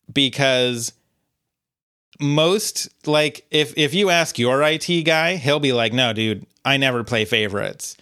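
A man's voice: fairly high pitch, sharp tone, clear, resonant tone. A man co-hosting a podcast in casual chat, rambling through stories with lots of fillers and restarts. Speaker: podcast co-host.

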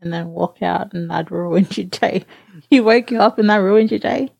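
A woman's voice: medium pitch, normal speed, vocal fry, darkish tone, slightly rough, no room sound. A woman co-hosting a podcast, giving short skeptical replies in casual chat. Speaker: podcast co-host.

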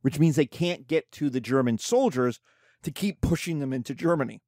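A man's voice: medium pitch, normal speed, a little mellow, dry recording, studio quality. A man giving a casual history lecture as a teacher, talking colloquially and acting out the nations in quoted voices.

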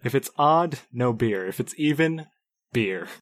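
A laid-back man playing a tabletop role-playing game, with a dry manner and short, easy replies. His voice sits at an everyday middle pitch. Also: animated, a little slow. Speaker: player. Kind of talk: casual tabletop play.

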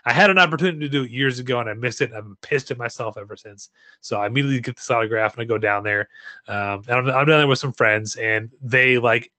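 A man co-hosting a casual podcast, talking with enthusiasm and frequent restarts. His voice is bright, and the recording is dry and close, with no room sound. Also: mid-range voice, fast talker, no echo. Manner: enthusiastic, chatty, many restarts. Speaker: podcast co-host. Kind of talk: casual chat.

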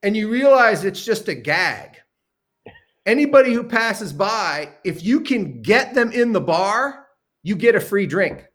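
Guy with a slightly high voice telling a funny story, loose and animated, swears a bit. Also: a little slow. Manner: animated, profane, self-deprecating raconteur. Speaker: guest storyteller. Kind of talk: casual storytelling chat.

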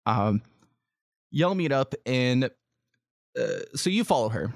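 A man's voice: medium pitch, animated, slow. A man narrating a tabletop game as game master, rambling with many fillers. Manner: rambling, full of fillers and laughs.

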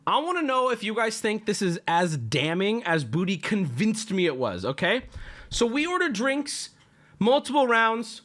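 Animated man telling a story. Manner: animated, swearing, acts out friends' lines in a lower voice. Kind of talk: casual storytelling to stream chat.

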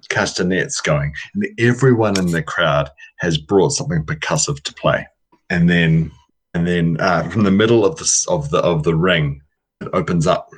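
A man's voice: deep voice, husky, low-quality recording. A man narrating his tabletop game turn, rambling and hesitant with many fillers. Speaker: player.

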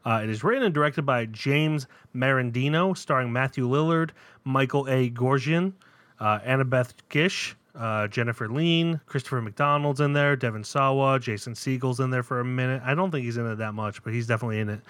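A man's voice: mid-range voice, a little fast, fairly bright tone, clear, resonant tone, dry recording. A man hosting a film review podcast in a rambling, casual way with many fillers. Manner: rambling, filler-heavy, self-correcting.

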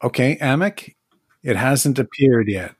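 A man's voice: mid-range voice, animated, unhurried, breathy edge, dry recording, clean studio sound. A man running a tabletop game as game master, describing scenes and restarting his sentences often.

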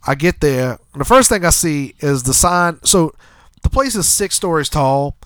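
A man's voice: on the high side, lively intonation, moderate pace, fairly bright tone, clear, resonant tone, no room sound. A man with a congested, nasal voice from a cold, telling a crude, rambling story on a podcast into a handheld mic. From New Orleans area. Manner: crude, rambling anecdote with frequent asides. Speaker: podcast co-host. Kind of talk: casual storytelling.

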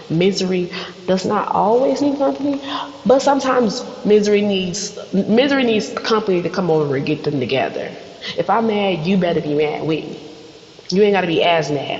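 A woman hosts her own podcast, ranting bluntly with lots of swearing and acting out quick scenes with other people. Her voice sits in a roomy, echoey space. The sound is a little dull, with a faint hiss underneath. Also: fairly low pitch. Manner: blunt, profane, animated, acts out little scenes. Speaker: podcast host. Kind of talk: solo podcast rant. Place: studio.

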